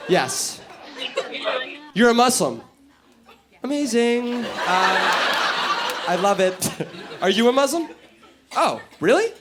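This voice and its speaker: A man's voice: sits high, very animated, slow pace, long pauses. A man from New York City doing stand-up crowd work on a comedy club stage, brash, profane and teasing the audience. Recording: noisy live club recording.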